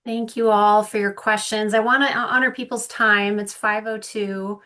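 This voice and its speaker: Woman moderator, mid-pitched, polite and courteous, closing out an online session. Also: steady tone, normal speed, sharp tone. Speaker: workshop moderator. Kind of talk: closing remarks for an online workshop.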